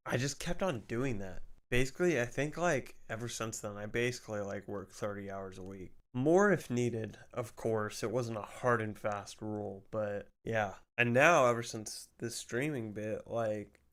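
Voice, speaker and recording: Casual young male streamer, excitable and swearing. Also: lowish voice, unhurried, few pauses, clear, resonant tone. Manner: loose, swearing, excitable while gaming. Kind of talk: casual live-stream chat.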